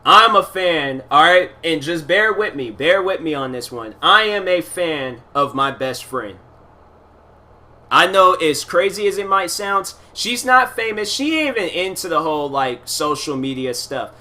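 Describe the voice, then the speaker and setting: A man's voice: a little high, expressive, measured pace, bright, forceful tone. A man talking alone in a loose, rambling way, retelling a movie and giving his opinions, full of fillers, repeats and casual slang. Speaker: solo podcast host.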